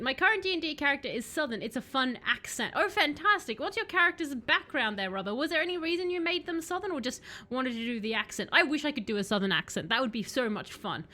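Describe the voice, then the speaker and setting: A woman's voice: high voice, bright, forceful tone. A woman streaming a video game, chatting casually and joking about the game and her viewers' messages. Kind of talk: casual live game commentary.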